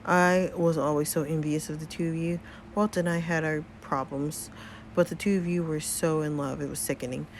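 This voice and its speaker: A woman's voice: low-pitched, steady tone, normal speed, slight background noise. A woman voicing a weary middle-aged mother in a story game, hesitant and apologetic.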